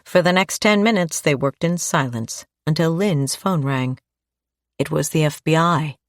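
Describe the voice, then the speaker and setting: A woman narrating a crime audiobook in a steady, measured read on a close mic. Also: sits low, no echo. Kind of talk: scripted narration.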